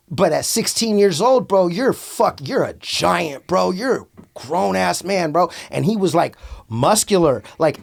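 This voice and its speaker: Brief: slightly high-voiced Bay man, guest storyteller, loose, swearing, lots of "bro". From Antioch, California. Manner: animated, profane, peppered with "bro". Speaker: podcast guest. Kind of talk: casual storytelling.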